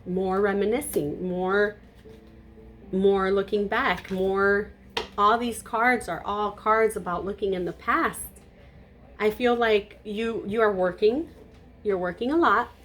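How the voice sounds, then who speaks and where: A woman giving a tarot reading to camera, blunt and emphatic, naturally loud, with casual swearing. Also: medium pitch, slow, a little hiss or hum. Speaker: tarot reader.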